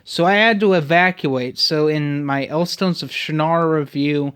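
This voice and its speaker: A man's voice: a little high, normal speed, a bit bright, clear, resonant tone. A man in his twenties ranting casually in a vlog, irritable and full of profanity. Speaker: vlogger.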